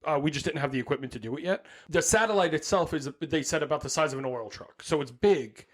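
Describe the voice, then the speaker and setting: A man's voice: fairly high pitch, fast. A young man hosting a casual comedy podcast, reading his notes aloud and riffing on them with frequent laughter. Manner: jokey, laughs often, reads notes then riffs. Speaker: podcast host.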